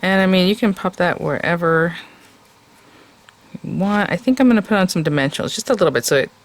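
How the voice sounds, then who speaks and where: A woman's voice: on the low side, brisk. A woman hosting a casual step-by-step craft tutorial, chatty and enthusiastic and talking straight to her viewers.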